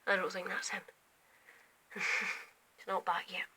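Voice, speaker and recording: A young woman rambling at night from her bedroom window, often slipping into quiet whispers while filming on her phone. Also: medium pitch, flat delivery, slow, a little hiss or hum, rough recording. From Scotland. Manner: drifts between quiet whispers and louder asides. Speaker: vlogger. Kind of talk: rambling night-time chat.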